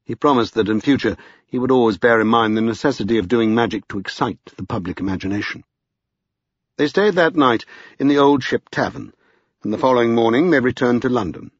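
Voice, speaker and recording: A male narrator reads an audiobook in a measured, expressive way. His voice is husky and sits in a middle pitch. The recording is dry and slightly dull. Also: dry recording. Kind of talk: scripted narration.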